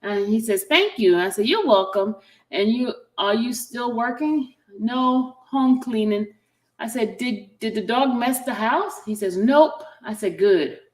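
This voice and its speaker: A woman's voice: on the high side, expressive, a little slow. A woman vlogger chatting casually while reading out text messages aloud, adding her own asides between them. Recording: roomy echo.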